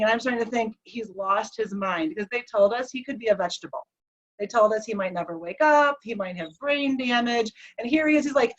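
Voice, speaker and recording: A woman guest tells a personal story with real feeling, acting out the dialogue as she retells it in an animated way. Her voice sits on the high side and moves fairly quickly. The recording is slightly dull and lo-fi.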